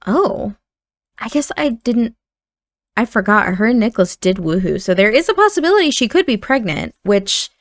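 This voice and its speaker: A woman's voice: fairly high pitch, big pitch swings, normal speed, no echo, clean studio sound. A woman hosting a gaming channel, chatting casually and rambling with fillers as she narrates a life-sim game. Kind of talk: casual let's-play narration.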